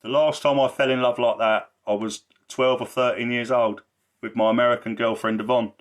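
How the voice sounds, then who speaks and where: A man's voice: medium pitch, fairly even intonation, fairly quick. A man talking in a blunt, rambling way on a casual livestream, swearing a lot and repeating himself for emphasis. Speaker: livestreamer and social care campaigner.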